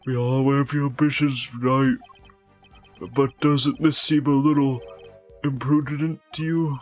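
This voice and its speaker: A man's voice: mid-range voice, level tone, unhurried, soft background music. A man reading game dialogue aloud alongside a streamer, laughing as he goes.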